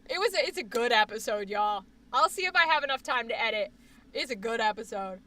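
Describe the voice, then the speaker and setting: A young woman streamer chatting casually on a live stream, rambling, swearing often and breaking into sudden loud outbursts. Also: on the high side, animated, a little fast, far from the mic, slight background noise.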